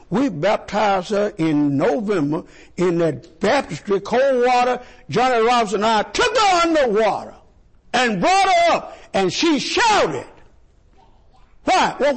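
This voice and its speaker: A man preaching a sermon, animated and repetitive, asking the congregation questions and stumbling over words. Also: very high-pitched, vocal fry. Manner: animated call-and-response preaching, repeats and stumbles.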